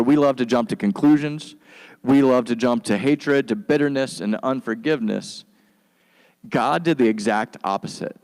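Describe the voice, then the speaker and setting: A man preaching a sermon as pastor, in a relaxed, slangy, conversational way, and he sometimes acts out quick lines for the people in his stories. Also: medium pitch. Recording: long hall reverb.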